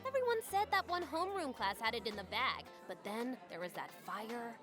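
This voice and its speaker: A woman voicing a chatty, high-voiced schoolgirl. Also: lively intonation, a little fast, lightly acted. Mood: gossipy. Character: chatty female schoolgirl classmate. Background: game music.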